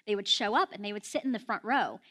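A woman preaching a sermon, telling a story and acting out the quotes with rising excitement. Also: medium pitch, quick pace.

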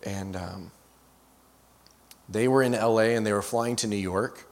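A man's voice: fairly low pitch, unhurried. A man preaching as a guest speaker, telling stories with frequent restarts and asides. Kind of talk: storytelling sermon. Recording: long reverb of a large hall.

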